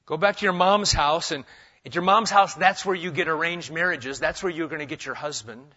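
A man's voice: a little high, a little fast, bright, forceful tone, muffled recording. A man preaching an expository sermon in a conversational way, with joking asides. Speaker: pastor.

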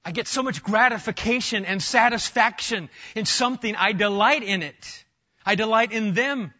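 A middle-aged man preaching an expository sermon, emphatic and animated, often restarting his phrases. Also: sits high, moderate pace, muffled recording. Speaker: pastor.

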